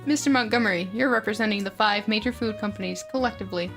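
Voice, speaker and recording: A woman's voice: mid-range voice, fast talker, creaky, fairly bright tone, soft background music. A woman voicing a stern, formal older male judge in a dramatic script reading.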